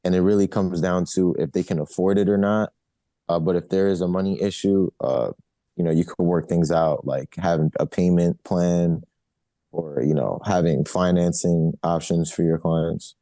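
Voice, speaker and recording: A man with a very deep, mellow voice talks easily as an interview guest, looping back with "you know" and restarting his sentences. The sound is close and dry. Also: normal speed, no echo. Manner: relaxed, repeats "you know" and restarts often. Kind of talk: casual interview answers.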